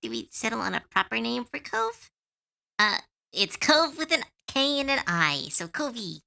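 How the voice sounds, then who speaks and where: A woman's voice: on the high side, big pitch swings, normal speed, gravelly, pushed and bright. A woman streamer chatting casually while she draws, humming and giggling as she works. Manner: giggly, hums while working. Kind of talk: casual chat while drawing.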